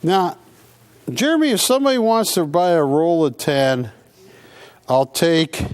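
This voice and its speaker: A man hosting a live coin shopping broadcast, pitching coins with playful, joking salesman banter. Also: animated, a little slow, clear, resonant tone. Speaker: coin sales show host.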